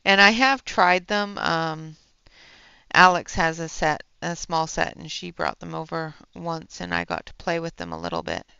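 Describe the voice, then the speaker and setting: A woman's voice: deep voice, lively intonation, normal speed, gravelly, sharp tone, smooth, no echo, dull audio. A woman hosting a coloring livestream, chatting casually with her viewers as she works, with many fillers and frequent laughs. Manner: chatty, reads and answers chat, laughs often, many fillers.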